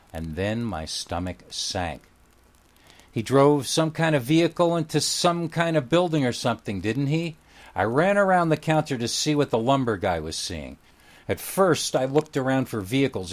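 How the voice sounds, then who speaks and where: A man reading a first-person scary story aloud in a wry, conversational storytelling manner. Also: fairly low pitch. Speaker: story narrator. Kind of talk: scripted horror story narration.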